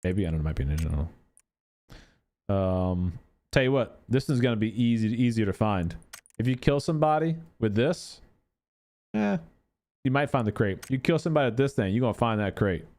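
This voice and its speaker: Animated male gamer ranting casually. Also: on the low side, brisk, long pauses. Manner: animated, exasperated ranting with profanity. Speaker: gaming content creator. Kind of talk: casual game commentary.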